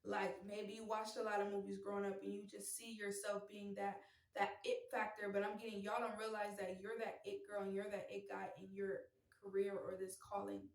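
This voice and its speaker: A woman's voice: mid-range voice, monotone, a little fast, gravelly. An American woman talks through a tarot reading in a loose, earnest, rambling way, circling back over the same phrases. Her voice sits in a mid range and carries a roomy echo. She sounds a little set back from the microphone. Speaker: tarot reader. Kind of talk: casual spiritual tarot reading. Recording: echoey room, voice from a distance.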